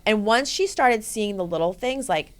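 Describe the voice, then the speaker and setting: A woman fitness coach as a podcast guest, telling stories in a casual, energetic way, swearing freely and often adding "right?". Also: mid-range voice, moderate pace. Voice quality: profane, energetic, frequent "right?" and "like". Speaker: guest, bodybuilding and life coach. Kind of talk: casual storytelling interview.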